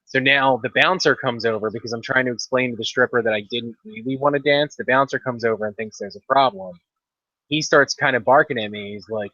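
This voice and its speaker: Man, podcast co-host, casual storytelling, bright tone, dull dry audio. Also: medium pitch, a little fast, no room sound. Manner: laid-back, rambling anecdote with dry asides.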